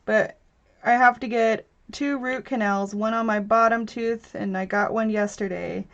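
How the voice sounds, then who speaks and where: A woman's voice: fairly high pitch, fairly even intonation, measured pace, a bit bright. Chatty woman livestreaming from home. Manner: chatty, laughs often, reads viewer comments aloud. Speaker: crafter hosting a livestream. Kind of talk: casual livestream chat. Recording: dull lo-fi stream audio.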